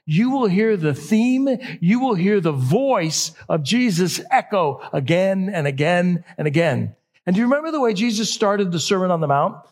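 Man, pastor, sermon, husky, slightly high voice, casual self-corrections. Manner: conversational preaching with self-corrections.

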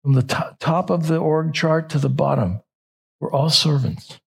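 A man's voice: a little high, fairly even intonation, a little slow, gravelly, slightly rough. A middle-aged man preaching a sermon in a conversational way, often correcting himself mid-sentence. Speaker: pastor.

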